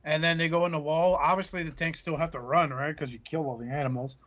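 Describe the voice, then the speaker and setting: A man's voice: on the high side, steady tone, fast talker, fairly bright tone, no room sound. A man hosting a podcast, chatting casually in a joking, profane, storytelling manner. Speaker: podcast host. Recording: muffled lo-fi audio.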